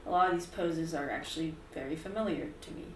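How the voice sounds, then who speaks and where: A woman voicing a patient young male fighter who teaches combat forms in a tabletop game, speaking gently in a slightly lowered voice. Her voice is picked up from a distance in a roomy space with faint ambience. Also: fast talker, a little hiss or hum, natural voice. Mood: coaching.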